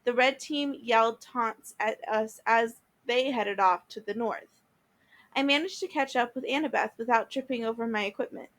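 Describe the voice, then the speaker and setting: A teacher reading a novel aloud to listeners, with small restarts and repeated words along the way. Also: female voice, fairly high pitch, moderate pace, fairly bright tone. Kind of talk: read-aloud storytelling.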